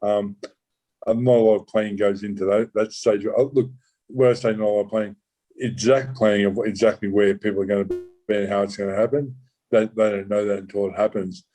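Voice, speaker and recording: A lowish, mellow-toned man tells his own story as a former undercover officer. He talks in halting bursts, restarting sentences and swearing casually as he goes. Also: steady tone, rough recording. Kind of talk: recounting a true story in an interview.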